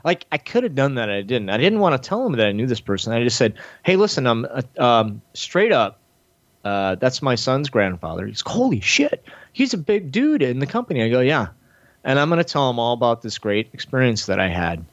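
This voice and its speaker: In a dry recording with dull audio, a podcast host talks fairly quickly through a long, foul-mouthed story during casual chat. He acts out other people's words with dramatic pitch jumps, keeping things animated.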